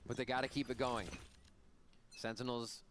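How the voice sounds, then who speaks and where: A man calling a match as play-by-play commentary, quick running calls. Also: mid-range voice, level tone. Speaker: esports caster. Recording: match broadcast with crowd noise.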